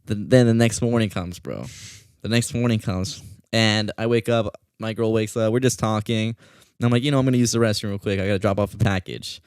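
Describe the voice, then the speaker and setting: Host man with a smooth, dry voice. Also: fairly low pitch, brisk, no echo. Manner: animated storyteller, swears often. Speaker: podcast host. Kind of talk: casual storytelling chat.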